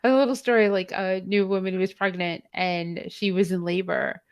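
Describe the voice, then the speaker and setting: A woman co-hosting a casual panel chat, wry and quick to laugh as she tells stories. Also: mid-range voice, fairly even intonation, clear, resonant tone, dry recording. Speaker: podcast co-host.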